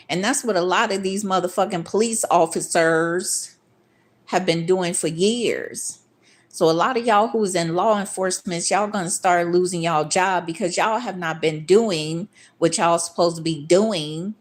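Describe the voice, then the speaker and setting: A woman's voice: fairly low pitch, measured pace. Woman, vlog rant, profane, confrontational, mimics others. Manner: acts out others' voices in quoted asides. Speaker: vlogger. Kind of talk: ranting monologue.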